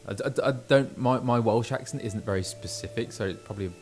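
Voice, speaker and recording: A male voice actor chatting casually while streaming a game, animated and chatty, often stopping and restarting mid-sentence. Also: mid-range voice, quick pace, soft background music. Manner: chatty, animated, self-interrupting. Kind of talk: casual gameplay chat.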